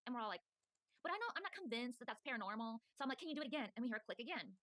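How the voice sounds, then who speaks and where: A woman's voice: fairly high pitch, no echo, clean studio sound. A woman in casual chat, telling a story with lots of fillers. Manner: rapid, animated, many fillers. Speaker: podcast co-host telling stories.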